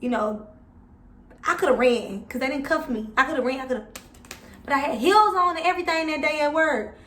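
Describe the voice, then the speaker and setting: A woman's voice: sits high, a little fast, fairly bright tone, a little hiss or hum. A young woman vlogger telling a story casually and with swearing, talking straight to her viewers. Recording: echoey room, mic at a distance.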